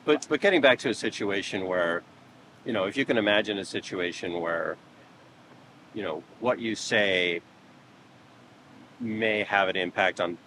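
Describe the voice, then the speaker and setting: A man hosting a podcast, asking calm, probing questions and often agreeing briefly. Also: low voice. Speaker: podcast host. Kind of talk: conversational questioning. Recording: background noise.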